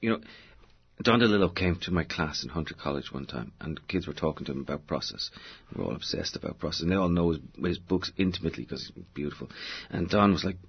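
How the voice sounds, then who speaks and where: Irish male novelist, deep and raspy, expansive talker who fills gaps with "you know", dull broadcast sound. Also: animated, fast talker. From Ireland. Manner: expansive, digressive storyteller with many fillers. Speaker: novelist guest. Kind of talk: conversational interview answers.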